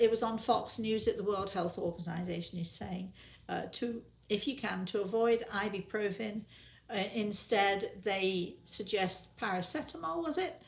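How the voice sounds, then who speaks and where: A chatty English woman hosting a relaxed live chat, quick to laugh between answers. Her voice sits at an ordinary middle pitch and rings in a noticeably echoey room. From England. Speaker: host.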